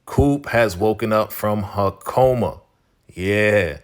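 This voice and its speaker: A man with a somewhat low voice recaps a TV episode in loose, casual narration. He talks conversationally, doubling back to repeat phrases and filling gaps with "you know.". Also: slow.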